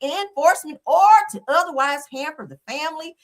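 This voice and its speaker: A woman putting on a mocking voice for a prim, fake-sincere woman judge, reading her statement slowly and overly carefully. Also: high-pitched, fairly bright tone, pitched above the performer's own voice. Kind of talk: mocking read-aloud impression.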